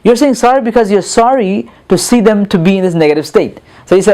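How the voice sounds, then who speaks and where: A middle-aged man teaching a lesson on calming angry people, earnest, repeating words and restarting sentences, with many fillers. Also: high-pitched, brisk, few pauses. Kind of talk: lecture on calming anger.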